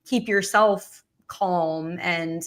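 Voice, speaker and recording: A woman's voice: fairly low pitch, very slow. A woman hosting a casual political chat, talking loosely with many fillers and restarts. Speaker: host.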